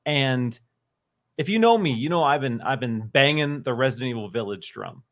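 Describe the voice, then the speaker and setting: A man's voice: medium pitch, expressive, normal speed. A man appearing as a guest on a casual gaming livestream, giving enthusiastic and emphatic opinions.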